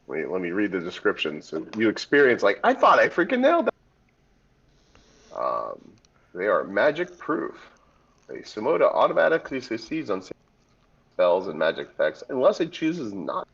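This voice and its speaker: A man's voice: lowish voice, big pitch swings, moderate pace, gravelly, husky, lo-fi sound. A man running a tabletop game as dungeon master, making laid-back rulings and laughing easily.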